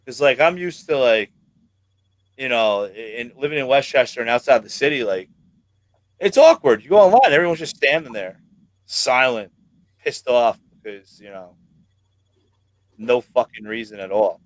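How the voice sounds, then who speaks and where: A man's voice: medium pitch, expressive, normal speed, pauses often, dry recording. Male host, New York accent, casual joker, dry close mic. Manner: chatty, joking, swears casually. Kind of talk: casual livestream chat.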